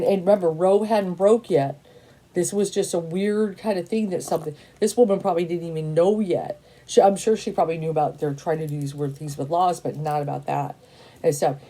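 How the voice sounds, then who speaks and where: A woman in her fifties with a lowish, mellow voice, talking straight to camera as a tarot reader. She is blunt and emphatic, swears casually, and circles back to repeat her points with plenty of "you know" and "and stuff". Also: fairly even intonation, normal speed. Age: 50s. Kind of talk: casual opinionated monologue.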